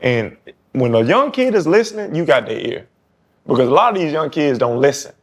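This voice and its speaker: A man's voice: a little high, fairly quick. A man in his thirties with a New Orleans accent, a football player talking casually as a podcast guest and acting out quoted talk. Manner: animated, acts out quoted talk. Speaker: guest quarterback.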